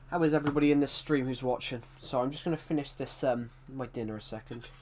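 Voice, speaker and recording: A man's voice: mid-range voice, a little mellow. A man chatting casually on a live stream, rambling and correcting himself, with a tickly throat that keeps him coughing.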